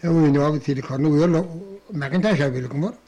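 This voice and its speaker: A man's voice: fairly high pitch, racing, warm tone. An older man, telling rambling anecdotes in an oral history interview, chuckling and restarting as he goes.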